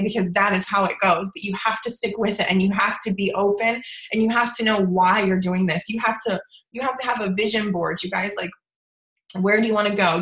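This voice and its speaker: A woman's voice: mid-range voice, fairly bright tone, roomy sound, low-quality recording. Emphatic woman giving a pep talk. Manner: emphatic, repeats "okay?" and "you guys". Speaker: team leader of a sales business. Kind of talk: motivational pep talk on a video call.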